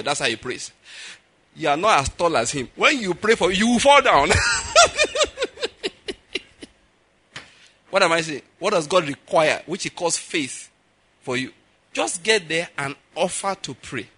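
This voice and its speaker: Animated, bright-voiced preacher man. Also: on the high side, slightly rough. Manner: animated, acts out voices, laughs at own jokes. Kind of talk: sermon.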